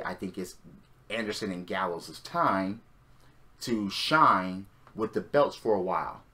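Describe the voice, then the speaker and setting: A man's voice: fairly low pitch, a bit bright. A man recapping a wrestling show in a casual, sarcastic monologue, sighing and swearing freely.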